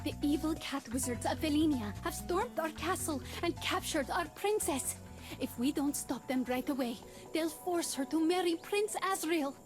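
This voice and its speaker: A woman's voice: high voice, moderate pace, close to an everyday voice. An actress voicing an urgent female castle messenger in a video game, speaking in a put-on accent and pleading for help. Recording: game audio over music.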